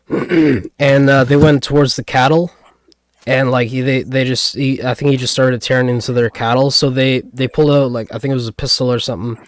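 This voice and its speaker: A man's voice: medium pitch, fairly even intonation, normal speed, no echo, studio quality. A man co-hosting a casual podcast, rambling and hesitant with lots of fillers and restarts. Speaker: podcast co-host.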